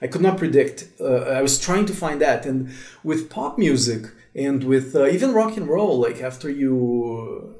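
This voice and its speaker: A man from Brazil with a Brazilian Portuguese accent, a drummer telling his story as an interview guest, animated and full of fillers. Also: mid-range voice, unhurried, reverberant.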